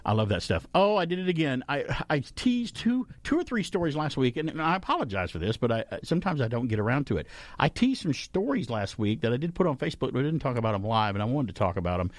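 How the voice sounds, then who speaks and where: A man's voice: mid-range voice, big pitch swings, fast, no room sound. A man hosting a radio show, chatting casually and reading news items with playful asides and laughter.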